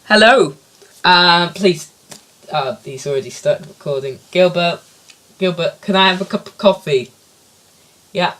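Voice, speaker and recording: Brief: a man doing a pompous, shouty helpline chief, pitched up high, menacing and muddled. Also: a little slow, long pauses, slight background noise. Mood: bossy, muddled. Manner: loud, boastful, tripping over his own catchphrase. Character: blustering male leader of a helpline team.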